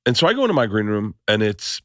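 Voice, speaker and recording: A man hosting a podcast, a loud and animated storyteller who acts out what people said in casual chat. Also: fairly low pitch, fast, no echo, studio quality. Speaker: podcast host.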